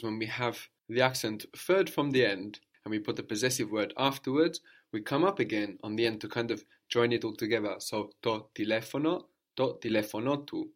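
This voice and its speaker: A man teaching a spoken language lesson, explaining patiently and often checking in with a questioning "no?". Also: mid-range voice.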